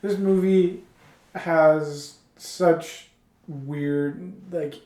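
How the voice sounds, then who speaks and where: A man's voice: a little high, fairly even intonation, very slow, warm tone, recorded from a distance. A man co-hosting a podcast in casual chat, hesitant and full of restarts. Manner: hesitant, many fillers and restarts. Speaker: podcast co-host. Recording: roomy echo.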